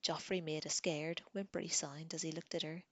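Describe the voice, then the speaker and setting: Low, soft-spoken woman reading aloud. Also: flat delivery, moderate pace, no room sound. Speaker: reader.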